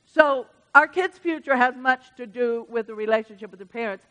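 A woman preaching a sermon in church. She swings from hushed asides to loud, emphatic bursts. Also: fairly high pitch, moderate pace. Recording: reverberant church hall.

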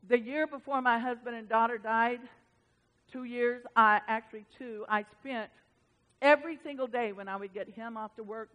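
A woman pastor preaches in a conversational, storytelling way, repeating words to press her point. Her voice sits a little higher than most women's. It carries a long reverb, as if it rings through a big sanctuary. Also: fairly bright tone. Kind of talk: sermon. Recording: long reverb of a large hall.

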